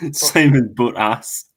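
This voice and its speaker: A man reacting with short quips and laughs in a casual chat. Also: medium pitch.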